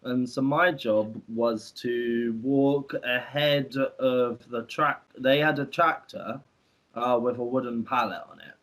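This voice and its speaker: A man's voice: medium pitch, takes it slowly, fairly bright tone. A man co-hosting a podcast, telling stories about farm work in a chatty, rambling way with many restarts. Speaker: podcast co-host. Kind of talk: casual storytelling.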